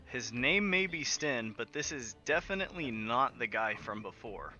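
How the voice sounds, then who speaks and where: A man's voice: medium pitch, animated, moderate pace, sharp tone, lo-fi sound, soft background music. A man narrating a tabletop game as game master in a casual, laughing way with many fillers, over an online voice call.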